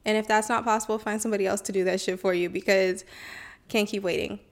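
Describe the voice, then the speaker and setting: A woman's voice: mid-range voice, fairly even intonation, fast, gravelly. A woman hosting a self-help podcast, chatty and encouraging, often saying y'all and okay. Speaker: podcast host.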